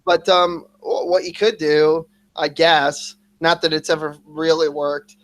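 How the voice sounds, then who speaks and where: Loud, profane ranting man. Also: a little high. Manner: heavy cursing, ranting; fast, animated venting. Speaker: podcast co-host. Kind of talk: casual livestream chat.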